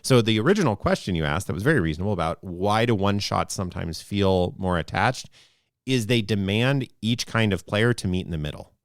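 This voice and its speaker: Low pitched guy, rambly podcast co-host, dry close mic. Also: animated, fairly quick, no echo. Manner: rambling and thoughtful. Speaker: podcast co-host and game master. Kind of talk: casual podcast discussion.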